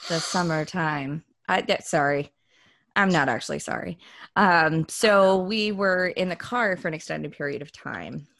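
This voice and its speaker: Slow, gravelly woman co-hosting a podcast. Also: low voice, a bit bright, slight background noise. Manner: playful, teasing. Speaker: podcast co-host. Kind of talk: casual chat.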